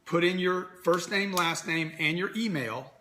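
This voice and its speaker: A man in his fifties runs a motivational livestream as a business coach. He talks bluntly, like a salesman, in a bright, forceful voice that sits a little high for a man. He sounds like he is speaking into a phone. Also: measured pace, slight background noise. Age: 50s. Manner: brash, direct, salesy pitch.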